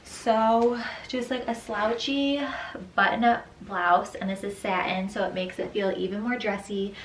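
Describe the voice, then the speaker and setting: A woman's voice: mid-range voice, fairly even intonation, unhurried. Chatty young woman in an echoey room. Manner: chatty, loose, many "like" and "um" fillers. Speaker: vlogger, new mother. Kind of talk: casual outfit try-on chat. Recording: roomy echo, distant mic, faint room noise.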